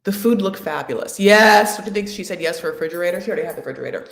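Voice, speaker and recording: A woman's voice: fairly low pitch, expressive, racing, vocal fry. A woman hosting a live chat recap of a reality show, sassy and chatty, calling her viewers honey. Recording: echoey room.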